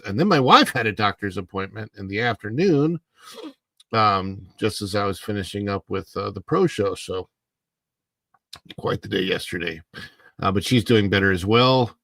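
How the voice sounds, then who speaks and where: A middle-aged man hosting a casual livestream from home, rambling in a sleepy, unhurried way with plenty of fillers as he greets viewers in the chat. He speaks into a clip-on mic close under his face. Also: lowish voice, creaky, fairly bright tone, no room sound. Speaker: livestream host.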